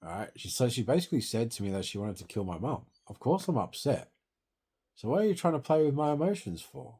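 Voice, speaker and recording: A man's voice: mid-range voice, lively intonation, fast, mellow, slightly rough. A young Australian man in distress, grieving and venting in a rambling, sweary monologue into his phone.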